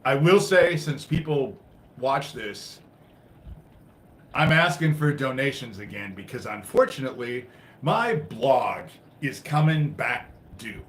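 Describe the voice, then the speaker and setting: A man hosting a live stream, ranting in a frustrated, profane way that swings between loud outbursts and low muttering. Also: big pitch swings, takes it slowly, reverberant. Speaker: livestream host.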